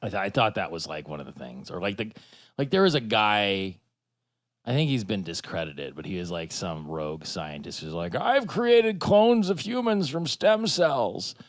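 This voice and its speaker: A man's voice: deep voice, lively intonation, moderate pace, fairly bright tone, no echo, clean studio sound. A man hosting a podcast, joking and rambling in casual chat. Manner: jokey, rambling, stammers on restarts. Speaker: podcast host.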